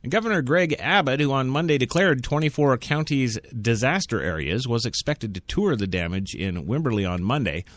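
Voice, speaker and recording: An American man hosts a radio news talk show, reading stories in a medium-pitched, lively voice at a brisk pace with hardly any pauses, recorded dry. His irreverent reading is full of sarcastic jokes and he laughs often between lines.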